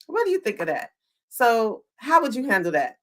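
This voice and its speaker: Hosting a live show-recap podcast, a woman talks at normal speed in a slightly high voice. She lively re-enacts scenes and quotes, addressing her chat and posing questions to them.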